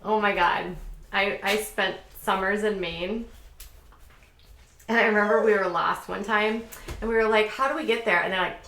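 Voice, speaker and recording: A woman's voice: medium pitch, steady tone, moderate pace, creaky, pauses often, fairly bright tone, slight background noise. A woman from the Upper Midwest hosting a casual livestream chat, rambling and laughing often. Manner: giggly, rambling. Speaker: host. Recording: echoey room.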